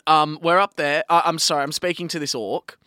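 A young man co-hosting a podcast, chatting casually, swearing and telling an animated story. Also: fairly high pitch, brisk, clear, resonant tone, no room sound, studio quality. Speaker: podcast co-host. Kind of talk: casual chat.

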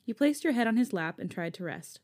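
A woman's voice: fairly high pitch, animated, fairly quick, darkish tone. A young woman co-hosting a podcast, casually reading fanfiction aloud in a playful, giggly way. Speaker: podcast co-host.

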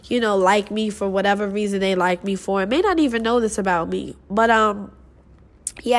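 A woman's voice: medium pitch, brisk. Earnest, emotional young woman podcaster. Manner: earnest and emotional, swears freely, calls listeners "you guys". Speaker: podcast host. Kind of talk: motivational casual podcast monologue.

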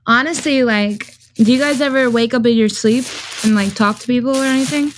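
A woman's voice: fairly high pitch, fairly quick, a little hiss or hum. Giggly young woman telling wild stories. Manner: animated and giggly, heavy use of "like", casual swearing. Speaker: guest storyteller. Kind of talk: casual storytelling chat.

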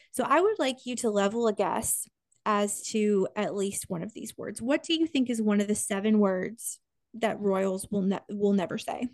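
An enthusiastic woman co-hosts a casual podcast, often breaking off and restarting her sentences. Her voice sits at a middle pitch. The sound is close and dry, with no room echo. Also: normal speed, darkish tone. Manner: chatty, enthusiastic, self-interrupting. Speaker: podcast co-host.

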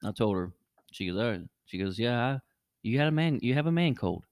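A middle-aged man tells a story on a podcast in a plain, mid-pitched voice. He gets animated and jumps high whenever he quotes someone. The sound is close and dry, with no room in it. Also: a little fast, smooth, dry recording. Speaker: podcast host. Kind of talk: casual storytelling.

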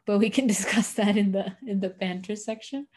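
A woman's voice: medium pitch, a little fast, darkish tone. A woman co-hosting a podcast, chatting casually through a TV episode recap, full of "like" fillers and acted-out lines. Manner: chatty, lots of "like" fillers, acts out characters' lines. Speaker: podcast co-host.

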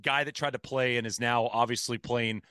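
Bright-voiced male podcast host. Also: medium pitch, fairly even intonation, normal speed, clear, resonant tone, no echo. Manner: thoughtful, rambling questions. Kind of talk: casual podcast interview.

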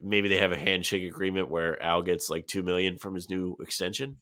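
A man's voice: low-pitched, brisk, bright, forceful tone. Congested man joking about basketball. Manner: joking, loose asides. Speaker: podcast co-host. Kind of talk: casual sports chat.

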